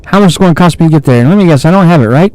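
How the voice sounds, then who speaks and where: Now rapid-fire and expressive, the man's fairly high, slightly mellow voice comes through a low-quality recording with no room sound. As he streams the flight game, he's frustrated and profane, grumbling to himself in casual commentary.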